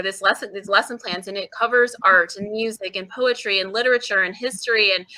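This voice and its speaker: A woman's voice: mid-range voice, poor audio. A woman in her forties, a book author talking as a podcast guest, telling stories expressively and laughing readily. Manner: expressive, laughs readily, acts out quoted voices. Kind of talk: animated conversational storytelling.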